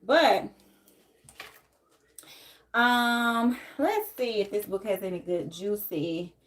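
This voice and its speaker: Taking it slowly in a mid-range voice, a woman hosts a laid-back live tarot stream from home by a closet. She rambles in an easygoing way and says hello to viewers by name.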